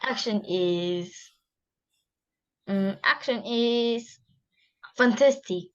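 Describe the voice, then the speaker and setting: A woman's voice: a little high, extremely slow. A woman with a Korean accent, a student speaking English as a second language, hesitant and searching for words. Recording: dull lo-fi audio.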